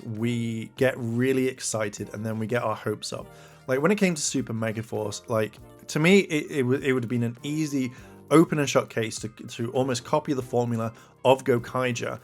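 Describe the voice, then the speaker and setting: Man ranting casually with music behind. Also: moderate pace. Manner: rambling, many fillers, rises in pitch when exasperated. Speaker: commentary channel host. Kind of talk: casual opinion commentary.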